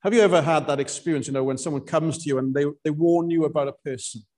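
A man preaching a sermon, slow and emphatic, with dramatic pauses on key words. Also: a little high, darkish tone.

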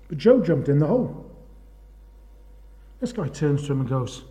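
A man preaching a sermon, swinging from loud urgent questions to hushed, slow phrases. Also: on the high side, big pitch swings.

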